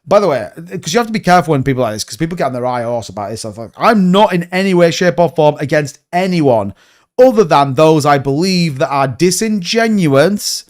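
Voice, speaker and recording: Slightly high and expressive, this man's voice moves a little fast as he chats on his crypto livestream. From Yorkshire, England, he answers viewers' comments bluntly, says mate a lot, and tends to repeat himself.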